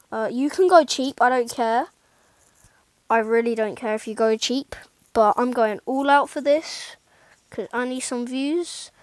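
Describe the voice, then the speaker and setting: A woman's voice: a little high, no room sound, low-quality recording. A woman giving casual, rambling gameplay commentary, mocking herself and often muttering asides under her breath. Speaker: gaming YouTuber.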